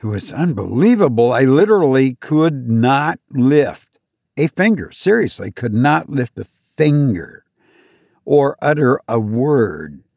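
A man hosting a podcast, telling a personal story to his listeners in a halting way, often repeating words and rising in pitch when he acts out his panic. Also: big pitch swings, vocal fry, darkish tone, dry recording, clean studio sound. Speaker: podcast host.

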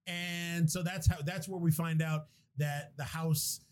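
A young man in casual podcast chat, swearing freely as he excitedly retells a movie plot. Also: on the high side, unhurried. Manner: animated, profane movie retelling.

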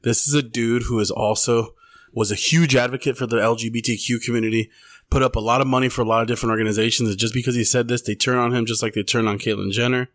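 A man's voice: medium pitch, steady tone, quick pace, a bit bright, no echo, clean studio sound. A man co-hosting a podcast in loose, profane casual chat. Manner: loose, profane, retells comedy bits. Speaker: podcast co-host.

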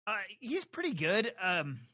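A man co-hosting a podcast, talking casually and haltingly with many fillers and restarts. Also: high voice, wildly swooping pitch, sharp tone, breathy edge. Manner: rambling, hesitant, lots of fillers and restarts. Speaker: podcast co-host. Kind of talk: casual chat about a TV adaptation.

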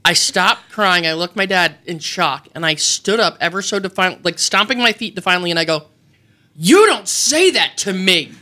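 Woman guest on a radio show, crisp bright voice, animated and self-mocking, just chatting away. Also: lowish voice, fairly quick, few pauses. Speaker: guest, wrestling personality. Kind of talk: casual storytelling. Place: radio studio.

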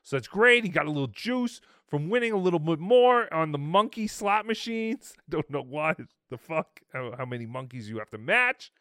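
A man's voice: on the high side, very animated, moderate pace, few pauses, bright, forceful tone, no echo. A man hosting a show, giving casual, dry and sarcastic commentary over a clip. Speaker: show host.

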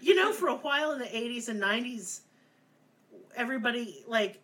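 A woman's voice: fairly high pitch, expressive, fairly quick, bright, forceful tone. A middle-aged woman hosting a podcast, telling a fairy tale in a crude, sarcastic, comic way. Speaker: podcast host. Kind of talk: profane comedic storytelling.

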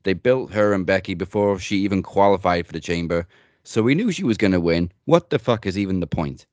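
Casting: low-voiced male host, blunt and jokey, dry close sound. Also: lively intonation, a little fast, a little mellow, dry recording, dull audio. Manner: blunt, joking, swears freely. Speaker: podcast host. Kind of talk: casual wrestling chat.

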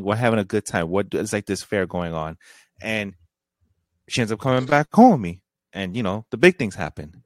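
A man's voice: fairly low pitch, no room sound. A young man, a podcast co-host, casually telling a long slangy story and acting out both sides of a conversation.

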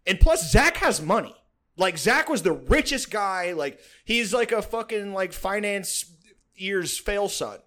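A man's voice: sits high, big pitch swings, unhurried, fairly bright tone. A young man hosting a podcast, telling a long story in a rambling, profane way, full of "like" and laughs. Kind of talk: casual storytelling chat.

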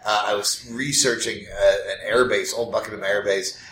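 A man's voice: on the low side, steady tone, moderate pace, a bit bright, slight background noise. A man hosting a podcast, telling stories in casual chat and laughing often. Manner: storytelling, laughs often, puts on silly voices. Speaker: podcast host. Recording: roomy echo.

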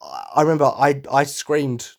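A man hosting his own podcast, talking casually and excitedly as a fan, acting out quotes and humming tunes. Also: medium pitch, moderate pace, gravelly. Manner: excitable, acts out quotes and hums music. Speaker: podcast host.

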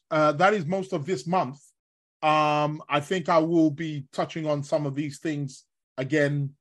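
Rambling male astrology host, chatty. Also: fairly high pitch. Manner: rambling, chatty, full of fillers and shout-outs. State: ill with covid, in bed. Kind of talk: casual live-stream talk. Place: in his bed at home.

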